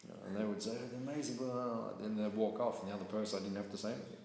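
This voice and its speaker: A man's voice: fairly low pitch, little pitch movement, rapid-fire, mellow. Aussie guy giving a casual class, keeps asking right?, really roomy echoey hall. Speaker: teacher of a scripture class. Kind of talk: casual scripture class talk. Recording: echoey hall with faint noise.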